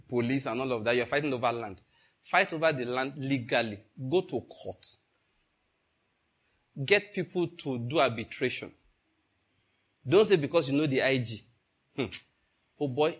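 With a breathy edge to his mid-range voice, an elderly preacher delivers a sermon built around a story. He stays animated throughout, throwing questions out to the people in the pews.

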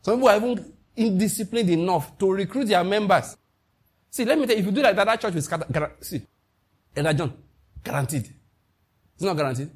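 A man with a Nigerian accent preaching a sermon as pastor, emphatic and animated, with Pidgin asides. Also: sits high, fairly quick, pauses often, slightly rough.

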